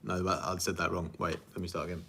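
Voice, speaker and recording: A chatty man runs a casual livestream Q&A as a music producer and rambles through viewer questions. He laughs easily and makes fun of himself. His voice sits on the low side but comes across bright and forward. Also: level tone, quick pace, a little hiss or hum. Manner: rambling, chatty, laughs often, self-deprecating.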